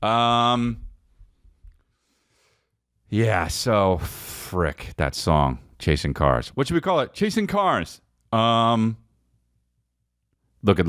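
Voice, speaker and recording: A man's voice: deep voice, a bit bright, dry recording, clean studio sound. A man in his forties hosting a casual comedy podcast, rambling and joking and now and then breaking into off-key singing. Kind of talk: casual solo podcast chat.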